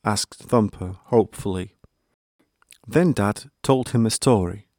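A man narrating a children's bedtime story in a calm, measured way. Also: fairly low pitch, dry recording, clean studio sound.

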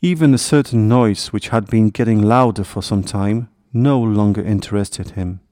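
A man narrating a children's storybook in a gentle, expressive reading voice. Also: on the low side, normal speed, dry recording, clean studio sound.

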